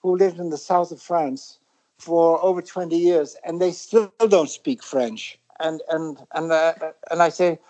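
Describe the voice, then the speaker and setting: Reflective British man, halting and rambling. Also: fairly high pitch, steady tone, warm tone, poor audio. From Britain. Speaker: guest musician. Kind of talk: casual interview chat.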